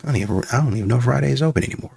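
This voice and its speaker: A man hosting a reaction channel, commenting casually on a clip and acting out little scenes in animated asides. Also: medium pitch, rapid-fire, creaky, breathy edge, dry recording. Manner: animated storytelling with voiced asides.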